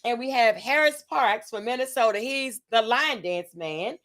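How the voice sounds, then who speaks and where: A woman's voice: fairly high pitch, moderate pace, a bit bright. A woman from Tampa, Florida, hosting a casual livestream, chatting to her audience, reading out event details with fillers and self-corrections, and hyping the crowd with call-and-response. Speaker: host and event organizer.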